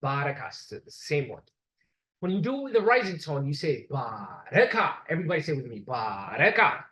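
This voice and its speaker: A man lectures a live class in a slightly high voice. He explains patiently, step by step. He repeats his examples so everyone can follow. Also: very animated, fast, rough recording.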